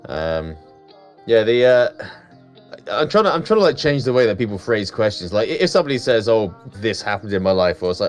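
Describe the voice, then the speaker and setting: A man's voice: lowish voice, lively intonation, brisk, soft background music. A man co-hosting a casual chat stream, blunt and emphatic, swearing freely. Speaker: stream co-host.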